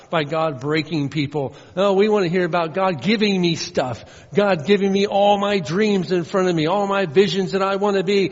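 A man preaching a sermon with earnest emphasis, swinging between loud stressed lines and soft low asides. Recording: muffled sound with long hall reverb.

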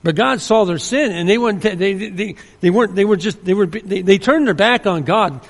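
High gravelly preacher man, echoing hall. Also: moderate pace. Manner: earnest, emphatic, with frequent restarts. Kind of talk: sermon. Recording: long hall reverb.

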